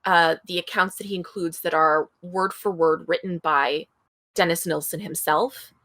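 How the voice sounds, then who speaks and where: A woman's voice: on the low side, fairly even intonation, normal speed, a bit bright, no room sound, rough recording. A woman co-hosting a podcast, retelling a true-crime case in a chatty way, reading passages aloud and adding her own asides. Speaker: podcast co-host. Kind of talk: casual true-crime storytelling.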